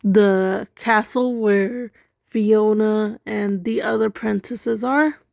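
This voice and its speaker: Woman rambling thru a fan story idea, slow and gravelly, kinda mellow. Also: mid-range voice, fairly even intonation. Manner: rambling, self-amused, many fillers. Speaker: amateur story writer. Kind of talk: casual storytelling monologue.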